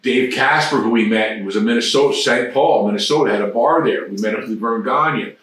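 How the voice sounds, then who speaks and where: A mid-range, somewhat bright voice moving fairly quickly belongs to a man in his sixties recounting rambling, profane anecdotes as an interview guest. The casual storytelling was recorded in a very echoey room on a distant mic.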